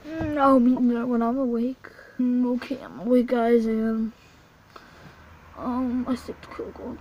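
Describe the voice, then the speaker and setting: Woman vlogger, fairly high voice, jumpy, whispers then exclaims, noisy handheld sound. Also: a little slow, dull audio. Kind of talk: playful make-believe vlog. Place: in and around a car.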